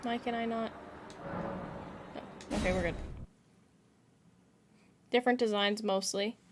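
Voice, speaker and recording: A woman's voice: a little high, fairly even intonation, unhurried, slight background noise. A woman streamer chatting casually and playfully while she plays a video game. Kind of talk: casual gaming stream chat.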